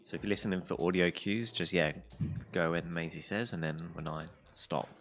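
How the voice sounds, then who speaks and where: A man's voice: deep voice, steady tone, moderate pace, fairly bright tone, soft background music. A man keeping time on a workout stream, counting down and making dry, teasing jokes. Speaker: co-host and timekeeper.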